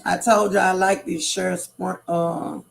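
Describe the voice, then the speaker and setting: A middle-aged woman with a gravelly, creaky voice chats on a casual livestream. She talks straight to her viewers, repeating her points with emphasis. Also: fairly low pitch, flat delivery, slow. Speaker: livestream host.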